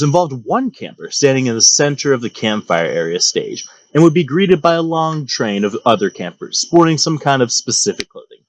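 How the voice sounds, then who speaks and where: A young man with a medium-pitched voice hosts a storytelling channel, delivering a comedic monologue in a mock-grand, sarcastic way. He's recorded close on a dry mic.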